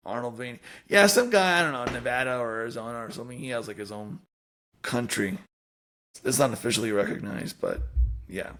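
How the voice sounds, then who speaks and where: A man's voice: medium pitch, brisk, fairly bright tone. A man hosting a casual podcast, joking with his co-hosts and steering the talk. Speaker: podcast host.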